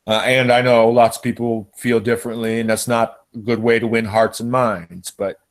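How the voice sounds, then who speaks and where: A man's voice: medium pitch, level tone, moderate pace. A man talking in a casual online hangout, firm and emphatic, swearing and getting emotional about his views. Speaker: guest in a hangout. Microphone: home computer mic.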